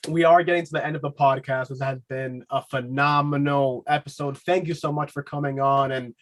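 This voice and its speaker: A man hosting a casual podcast interview, enthusiastic and quick to laugh, often repeating himself. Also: mid-range voice, fairly even intonation, a bit bright. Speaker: podcast host.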